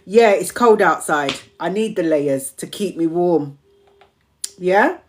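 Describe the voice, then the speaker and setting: A woman's voice: lowish voice, lively intonation, slow, slight background noise. A woman hosting a motivational live stream, emphatically repeating affirmations to her community, her voice strained and tiring.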